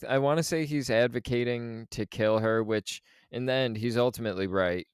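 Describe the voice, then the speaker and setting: Male podcast co-host, relaxed and rambling, lowish smooth voice, dry close mic. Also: no room sound. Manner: laid-back, rambling with restarts and laughs. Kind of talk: casual film discussion.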